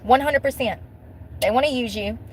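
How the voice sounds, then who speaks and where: A woman's voice: on the high side, normal speed, slight background noise, rough recording. A woman vlogger venting to her viewers in a blunt, profane way, repeating phrases over and over for emphasis. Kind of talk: emotional venting monologue.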